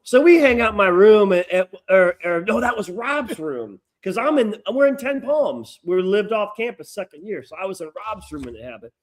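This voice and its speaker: Animated, profane storytelling man. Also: sits high, normal speed, few pauses. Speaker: podcast co-host. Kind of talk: casual chat, storytelling.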